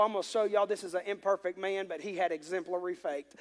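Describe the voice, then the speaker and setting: A male pastor preaches in a church sanctuary, his voice pitched high for a man. He reads scripture aloud and breaks in with emphatic, conversational commentary. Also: fairly even intonation, fast, hardly any pauses. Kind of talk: sermon.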